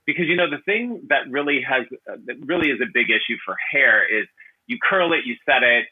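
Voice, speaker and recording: A man's voice: medium pitch, a little fast, husky, narrow, tinny audio. A man who works as a hair designer, chatting as a podcast guest and acting out the people in his stories. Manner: animated storyteller who acts out quotes. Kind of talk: casual podcast interview.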